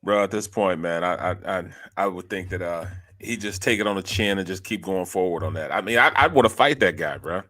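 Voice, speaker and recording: A man on a sports radio show, talking fast and emphatically in casual banter. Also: sits low, bright, forceful tone.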